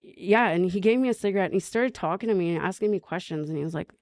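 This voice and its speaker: Woman, podcast guest, candid personal story, halting, lots of restarts, raspy fry, dry close sound. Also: lowish voice, darkish tone, no room sound. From northern Manitoba, Canada. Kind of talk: personal recovery story, conversational.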